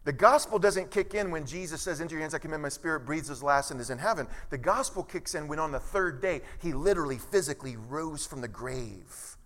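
A man's voice: fairly high pitch, lively intonation, normal speed, hardly any pauses, fairly bright tone. A man preaching a sermon as pastor, talking conversationally and asking the congregation questions. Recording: reverberant church hall.

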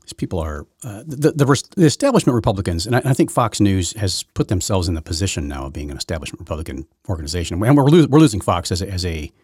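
A man's voice: low-pitched, sing-song, fast talker, hardly any pauses, darkish tone, breathy edge, no echo, studio quality. A man hosting his own podcast, giving rambling, opinionated solo commentary full of restarts and repeated words. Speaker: podcast host.

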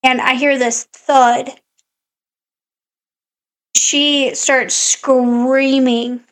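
A woman's voice: high voice, little pitch movement, drawn-out words, smooth. A woman podcast co-host in casual chat, animatedly telling a story and acting out her own quotes.

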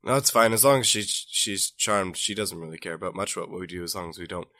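A man playing in a tabletop role-playing game, speaking hesitantly with many pauses. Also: low-pitched, bright, forceful tone. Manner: hesitant, full of ums. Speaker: player.

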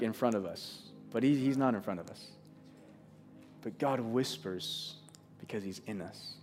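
A man's voice: mid-range voice, darkish tone, a little hiss or hum. A man preaching a sermon, earnest and conversational, often restarting his sentences. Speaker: pastor.

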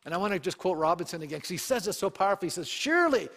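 High-voiced male pastor preaching. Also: sing-song, rapid-fire, fairly bright tone. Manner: asks the congregation questions; reads scripture aloud with emphasis. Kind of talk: sermon.

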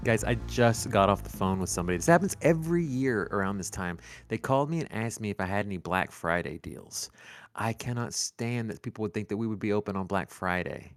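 A man's voice: lowish voice, expressive, a little fast, no room sound, soft background music. A man co-hosting a casual comedic podcast chat, jokey and rambling with restarts. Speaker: podcast co-host, shop manager character.

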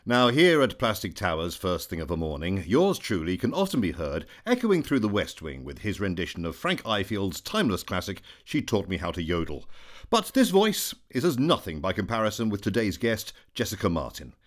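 A man's voice: lowish voice, huge pitch swings, normal speed. A man hosting a podcast, reading a scripted introduction with a playful, wry delivery. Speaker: podcast host.

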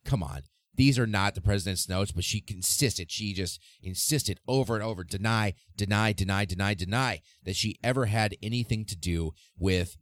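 A podcast host telling history casually and irreverently, swearing freely. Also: male voice, fairly low pitch, no room sound, studio quality.

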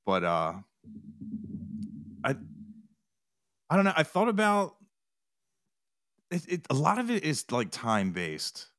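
A man's voice: on the high side, huge pitch swings, slow pace, pauses often, a bit bright, no echo, clean studio sound. A man chatting as an interview guest, rambling with restarts and retold quotes. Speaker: podcast guest, TikTok music reactor. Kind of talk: casual interview chat.

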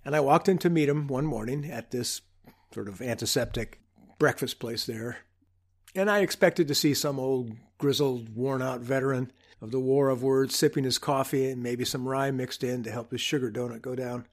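Wry man telling a reflective story. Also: mid-range voice. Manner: wry, unhurried, humorous asides. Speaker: podcast host.

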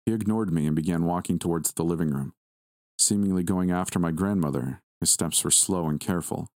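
Man narrating creepy story, real low voice, dry close sound, steady pace. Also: dry recording. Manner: measured, steady reading. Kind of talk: scripted first-person horror narration.

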